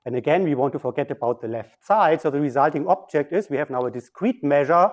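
A man's voice: a little high, animated, fast talker. A man giving a mathematical physics lecture, explaining step by step at a board.

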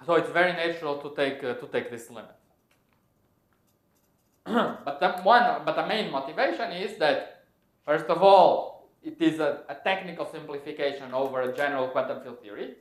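Recorded in a reverberant lecture hall, a man explains technical physics one step at a time, self-correcting as he thinks aloud. His voice leans high and his pace is moderate.

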